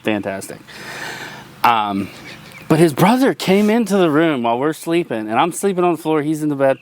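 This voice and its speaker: A young man from western Pennsylvania, a podcast guest, telling a story in casual chat with lots of laughter and swearing. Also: on the high side. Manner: animated storyteller, laughs often, swears freely. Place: outdoors around a campfire at night.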